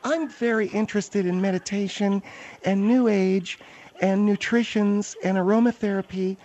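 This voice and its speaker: A man with a notably high, soft and mellow voice hosts a comedic radio interview. He questions his guest in an eager, chatty way, with a few filler pauses. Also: fairly even intonation. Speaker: radio host.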